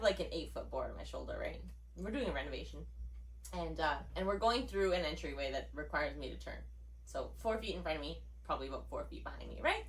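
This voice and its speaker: Animated, teasing woman cohost. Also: mid-range voice, far from the mic, poor audio. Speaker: podcast co-host. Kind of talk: casual chat.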